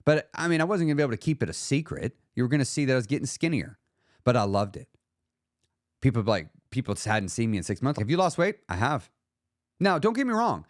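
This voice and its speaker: Male podcast host, lively emphatic delivery, dry close-mic sound. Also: medium pitch, quick pace, dry recording. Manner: animated, emphatic, acts out quoted voices. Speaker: podcast host and weight loss coach. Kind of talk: solo podcast monologue.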